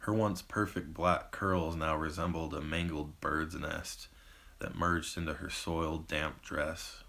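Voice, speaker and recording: A man, the author, reading his own novel as measured audiobook narration. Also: a bass voice, flat delivery, gravelly, sharp tone. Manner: measured storytelling.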